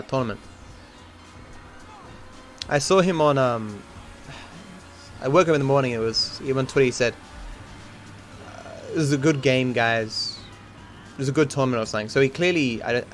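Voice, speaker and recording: A man livestreaming a speedrun while reading and answering his chat, with plenty of swearing. He grumbles at bad luck and pokes fun at himself. His voice sits in an ordinary middle pitch, with faint music underneath. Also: moderate pace, pauses often, fairly bright tone. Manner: swears often, talks to chat between attempts; easily frustrated, self-mocking. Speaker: speedrunning streamer. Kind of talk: live gameplay commentary.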